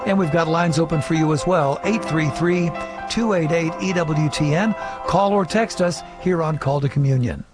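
A man hosts a call-in radio show in a brisk, upbeat manner, with a fairly high voice. Music sits clearly under his voice. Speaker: radio host.

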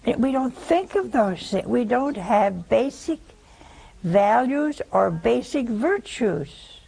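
Woman, sermon, husky gravelly voice, slow delivery, folksy teasing questions to listeners. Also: a little high, big pitch swings, mellow, poor audio. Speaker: preacher.

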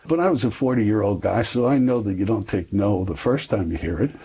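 Husky low-voiced man telling a story. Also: brisk, dark tone, rough recording. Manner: rambling, self-deprecating, frequent fillers. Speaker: guest. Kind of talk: conversational storytelling interview.

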